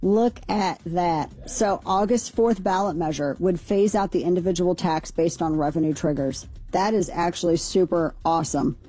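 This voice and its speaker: A woman co-host from Missouri reads through quick news items in a casual, chatty way, adding wry opinions as she goes. Her voice is low, mellow and a little husky. Faint music plays behind her. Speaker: radio show co-host.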